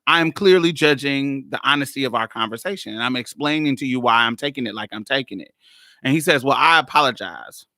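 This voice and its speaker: A woman's voice: rumbling low, lively intonation, a little fast, bright, forceful tone, no echo, studio quality. A woman podcast host telling a story in a blunt, exasperated way, laughing often and swearing freely. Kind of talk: casual storytelling monologue.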